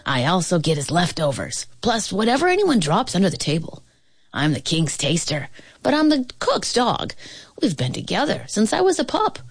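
Husky woman reading a picture book aloud. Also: lowish voice, dry recording, clean studio sound. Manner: expressive, playful, with laughs and dramatic pauses. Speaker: storybook reader.

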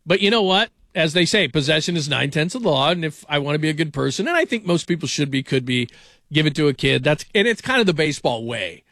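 A middle-aged man hosting a sports talk show, chatting casually and telling animated stories. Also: on the high side, gravelly, no echo, studio quality.

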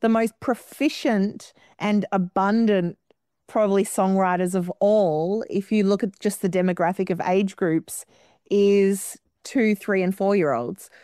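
A woman guest in an interview, explaining her ideas in long, flowing, expressive sentences. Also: medium pitch, a little slow, clean tone, dry recording, clean studio sound. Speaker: guest musician. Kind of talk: radio interview.

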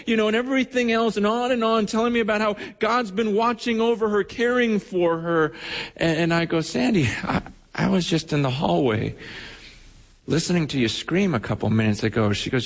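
A man delivers a sermon as pastor, his voice set a little high for a man. He tells stories with emotion, often stumbling over repeated words. The sound carries a long church-hall reverb. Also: normal speed. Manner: storytelling, emotional, many restarts.

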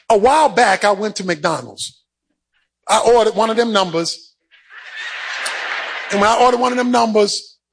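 A man preaching a sermon, swinging between shouted, sing-song peaks and quieter stretches. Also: high voice, husky, poor audio.

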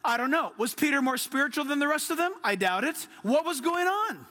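A man's voice: very high voice, expressive, fairly quick, sharp tone. A man preaching a sermon to a congregation, emphatic and drawn out, with sudden swells. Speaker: pastor. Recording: long hall reverb.

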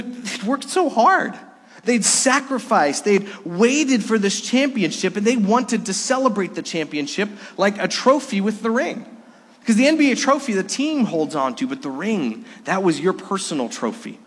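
An earnest male pastor delivers a Sunday sermon with a slightly high voice. His words ring out with long reverb through a church sanctuary, and he drops his voice low and soft for emphasis. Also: very animated, slightly rough. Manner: earnest preaching with dramatic pauses.

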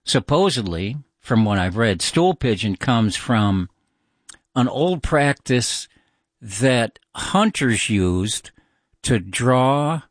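A man's voice: mid-range voice, expressive, slow pace, no room sound, clean studio sound. A man hosting a call-in radio show, chatting in a musing, informal way with many fillers.

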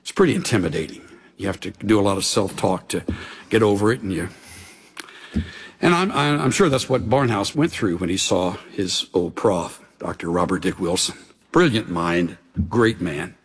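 A man preaching a sermon as a pastor, in a measured, earnest delivery that sinks into hushed, intense passages. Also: sits low, animated, breathy edge.

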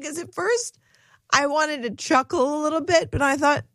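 A woman's voice: high voice, moderate pace, a bit bright, no room sound. A cheerful woman in her thirties co-hosts a morning radio show, chatting casually and laughing often. Her voice is dry and close on a studio microphone.

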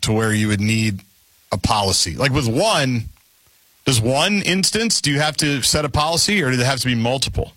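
A man's voice: mid-range voice, expressive, moderate pace, a bit bright, no echo. A man co-hosting a talk radio show, chiming in with wry, dry remarks. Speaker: radio co-host.

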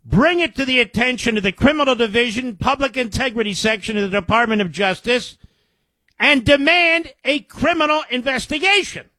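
An extremely high-pitched man speaking at normal speed, his voice pushed and bright in a dry recording. As a radio host on a political talk show, he reads news quotes aloud and breaks in with indignant, sarcastic asides.

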